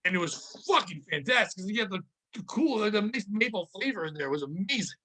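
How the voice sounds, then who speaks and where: A man rants through a comedic podcast chat, swearing freely and piling joke on joke. His voice sits high and rings bright and forceful. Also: quick pace, breathy edge. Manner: profane, animated, ranting. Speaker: podcast host.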